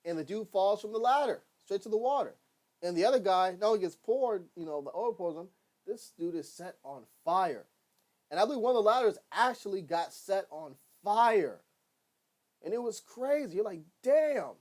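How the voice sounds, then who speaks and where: A man casually recapping a TV episode, rambling and excitable, swearing often and acting out what characters say. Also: high-pitched, moderate pace. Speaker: TV episode reviewer.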